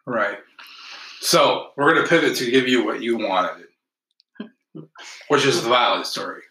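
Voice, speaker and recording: Name: podcast host. Sex: man. Style: casual storytelling chat, animated and laughing. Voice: bright. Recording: echoey room. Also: mid-range voice, unhurried. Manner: animated, laughing, acts out quotes.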